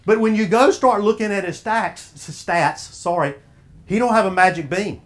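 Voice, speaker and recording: Folksy Southern man with a raised pitch. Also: moderate pace. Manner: folksy, preacher-like, quizzing the audience. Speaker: speaker at an officials' association. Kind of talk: motivational talk.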